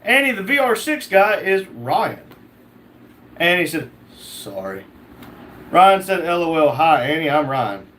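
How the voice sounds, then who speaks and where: A man's voice: fairly high pitch, big pitch swings, a little slow, fairly bright tone, slight background noise. A man hosting a casual livestream, reading out chat comments and joking back.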